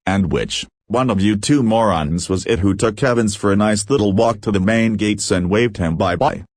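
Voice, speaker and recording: A grim prison governor, read by a man narrating a story, clipped and full of scorn. The voice is low, and the recording is close and dry with no room sound. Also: normal speed, darkish tone, dry recording, close to an everyday voice. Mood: stern, scornful. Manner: curt, scathing.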